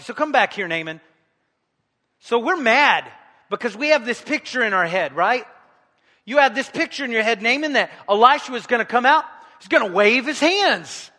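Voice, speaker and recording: A man preaching a sermon in a church, animated, acting out the scripture story and calling the congregation to join in. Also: very high voice, normal speed. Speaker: pastor. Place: church hall. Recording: long hall reverb.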